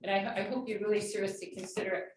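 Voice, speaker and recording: A woman's voice: mid-range voice, steady tone, rapid-fire, a loud crowd. A woman giving an earnest public comment at a school board meeting, reading prepared remarks. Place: large meeting room. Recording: echoey room, distant mic, faint noise.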